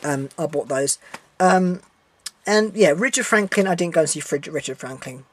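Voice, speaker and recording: A young man vlogging from a room at home, rambling and animated, with swearing and stumbling restarts. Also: on the high side, moderate pace. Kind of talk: casual vlog monologue.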